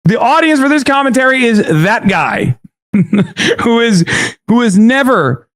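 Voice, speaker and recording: A man's voice: very high voice, lively intonation, a little slow, a bit bright. A man streaming, reacting in casual chat, blunt and profane, laughing often.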